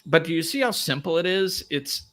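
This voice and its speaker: A man's voice: fairly high pitch, a little fast. A man hosting a live motivational talk, speaking plainly and acting out little dialogues. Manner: animated, acts out little dialogues, plain-spoken. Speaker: host.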